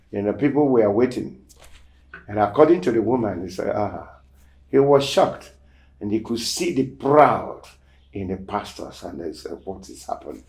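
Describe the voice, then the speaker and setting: Hosting a show, a man with a lowish voice relates a testimony story in a casual way and performs the quoted lines himself. His delivery jumps from loud, emphatic moments to asides spoken almost in a whisper.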